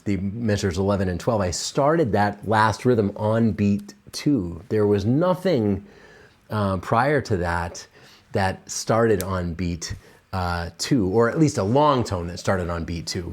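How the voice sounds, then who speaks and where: A man's voice: on the low side, darkish tone. A man teaching a piano lesson on video, enthusiastic and encouraging, with frequent fillers and restarts as he explains. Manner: enthusiastic, encouraging, counts and scats rhythms aloud.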